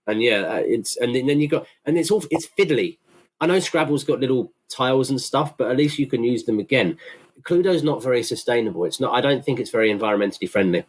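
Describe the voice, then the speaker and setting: A man co-hosting a casual podcast, teasing and deadpan, often stumbling over restarts. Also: mid-range voice, quick pace, breathy edge. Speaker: podcast co-host. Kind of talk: casual chat.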